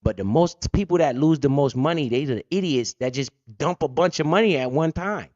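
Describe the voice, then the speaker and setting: A man in a blunt, swearing, joking rant about markets, his voice sitting a bit high for a man. The sound is dull and lo-fi, with a close, dry feel and no room around it. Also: animated, brisk, a little mellow, dry recording. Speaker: crypto channel host. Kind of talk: unscripted market commentary.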